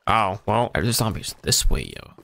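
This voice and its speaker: A man's voice: on the low side, very animated, measured pace, gravelly, a bit bright, slight background noise. A man giving casual running commentary while playing a game, talking to himself and swearing freely. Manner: chatty running self-talk, swears casually. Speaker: gaming channel host.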